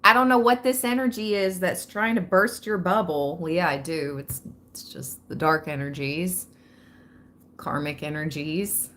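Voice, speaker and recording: A woman's voice: on the low side, measured pace, fairly bright tone, slight background noise. A woman hosting a live spiritual reading, chatty and laughing often as she talks straight to her viewers. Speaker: tarot reader hosting a livestream.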